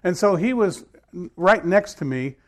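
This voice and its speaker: A man preaching a sermon to his congregation. His voice sits slightly high. He talks in a loose, conversational way, then leans hard into the scripture passages with growing force. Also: lively intonation, a little slow. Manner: conversational storytelling, rising to emphatic scripture reading. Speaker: pastor.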